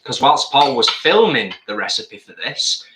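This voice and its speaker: Chatty male co-host, animated bright delivery, roomy sound. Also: mid-range voice, a little slow, slight background noise. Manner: chatty, reads viewer comments aloud. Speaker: co-host reading chat. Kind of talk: casual live-stream chat while eating.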